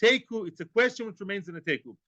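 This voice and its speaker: A fast-talking Talmud teacher has a high, fairly bright voice with lively intonation, recorded with no room sound and the highs cut off. His class is full of jokes, rhetorical questions, repeated phrases, and Hebrew and Aramaic words.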